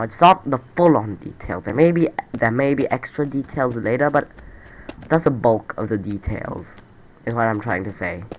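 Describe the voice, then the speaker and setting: A man's voice: medium pitch, slight background noise. A man with a stuffy, nasal voice giving casual, rambling commentary over his game build, repeating himself and poking fun at himself. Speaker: let's play creator.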